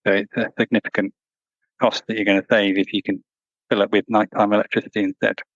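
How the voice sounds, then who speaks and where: A man answering interview questions in a measured, thoughtful way, with frequent restarts. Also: fairly low pitch, little pitch movement, no room sound, highs cut off. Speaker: guest, former truck company employee.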